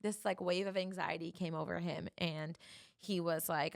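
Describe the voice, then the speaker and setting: A young woman hosting a solo podcast, telling a personal dating story in a chatty, animated way and acting out the dialogue. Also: lowish voice, normal speed, vocal fry, no room sound, clean studio sound. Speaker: podcast host.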